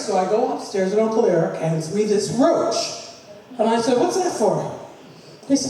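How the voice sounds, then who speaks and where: A woman's voice: mid-range voice, expressive, normal speed, mellow, a little hiss or hum. A middle-aged woman giving a humorous family tribute at a memorial, telling a story and laughing through her lines. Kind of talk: humorous anecdote at a memorial celebration. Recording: echoey hall recorded from far off.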